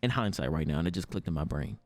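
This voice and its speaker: A young man streaming, telling a story in casual chat with lots of swearing, swinging from loud outbursts to low mutters. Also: expressive, quick pace, no room sound, faint music behind.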